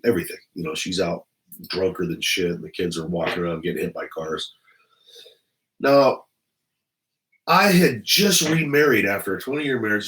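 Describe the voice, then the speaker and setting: A man's voice: sits low, a bit bright, low-quality recording. A middle-aged man, a retired police officer, telling stories in a blunt, profane, rambling monologue.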